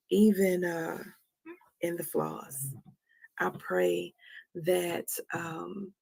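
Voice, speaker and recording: A woman hosting a motivational livestream, speaking softly and slowly with a Southern American touch, often dropping to a whisper. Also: on the low side, creaky, breathy edge, no room sound. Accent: American, Southern country touch. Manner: soft, slow and prayerful, often dropping to a whisper. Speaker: livestream host.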